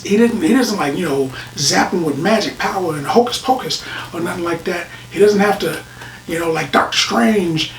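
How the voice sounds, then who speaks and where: A reviewer talking casually through a show, rambling with restarts and dropping into whispers for emphasis. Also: mid-range voice. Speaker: film and TV reviewer. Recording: roomy, distant mic, faint noise.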